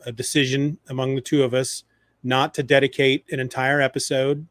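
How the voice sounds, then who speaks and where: A man co-hosting a podcast, retelling comic stories in a lively, animated way. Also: medium pitch, brisk, no room sound, studio quality. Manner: animated retelling, acting out quoted lines. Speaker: podcast co-host. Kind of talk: casual chat about comics.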